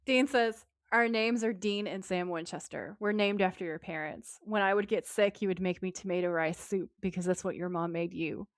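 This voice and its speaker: A woman co-hosting a podcast, retelling a TV episode with lively quoted lines in casual chat. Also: on the low side, normal speed, few pauses, no echo, clean studio sound. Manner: lively retelling, quoting characters in her own voice. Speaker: podcast co-host.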